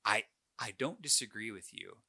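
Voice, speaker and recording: A man in his late twenties, a podcast co-host, telling a personal story in casual chat, animated and self-deprecating, with lots of fillers and restarts. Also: fairly low pitch, normal speed, gravelly, slightly rough.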